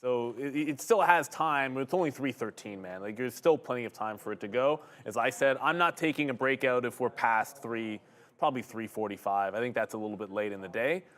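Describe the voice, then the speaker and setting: A man's voice: medium pitch, fairly quick, fairly bright tone. A man co-hosting a live stock trading stream, casually explaining his orders, levels and timing.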